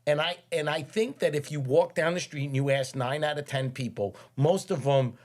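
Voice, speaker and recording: A man's voice: on the high side, moderate pace. A middle-aged man hosts a podcast, chatting casually and repeating words while he finds his thought. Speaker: podcast host, architect. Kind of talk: casual interview conversation.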